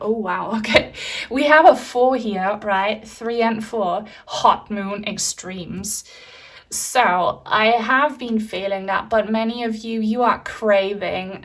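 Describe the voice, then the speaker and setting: A woman talking through a pick-a-card tarot reading in a loose, chatty, reassuring manner. Her voice sits at an ordinary middle pitch and is full of fillers. She is picked up from a little distance, so the mic sounds set back. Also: fairly bright tone. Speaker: tarot reader.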